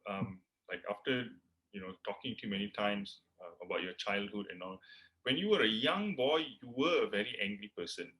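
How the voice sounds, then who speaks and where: Bright-voiced male interview host. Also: fairly low pitch, animated, a little fast, low-quality recording. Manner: hesitant, with fillers. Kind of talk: interview questions.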